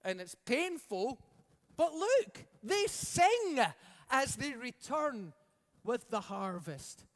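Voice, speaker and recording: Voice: medium pitch, fairly bright tone, long reverb tail. A preacher delivering an emphatic sermon, stretching out key words and leading the congregation in call-outs.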